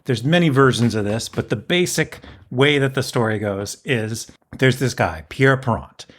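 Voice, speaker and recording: A man's voice: mid-range voice, animated, normal speed. A man hosting a podcast, telling a history story in a casual, wry and explanatory way. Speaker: podcast host.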